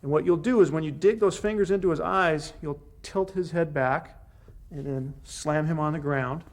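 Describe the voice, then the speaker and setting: Guy running a self defense class, bit higher voice, keeps saying good, do it again. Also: moderate pace. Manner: coaching, short commands with encouragement. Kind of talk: hands-on class instruction.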